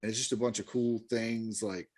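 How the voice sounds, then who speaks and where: Easygoing man hosting an interview, low-voiced. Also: steady tone, moderate pace, a little mellow, no echo. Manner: easygoing, chatty, trailing off. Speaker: interview host. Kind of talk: casual interview chat.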